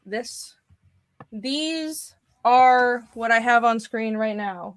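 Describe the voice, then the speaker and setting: A comic artist co-hosting a comics livestream speaks in a slightly high voice, chatting casually and rambling, trailing off and starting again. There's no echo.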